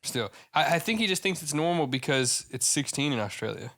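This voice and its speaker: A man's voice: fairly high pitch, lively intonation, a little fast, fairly bright tone. A young man with a Midwestern accent, co-hosting a podcast in loose, slangy banter, laughing often. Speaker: podcast co-host. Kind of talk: casual chat.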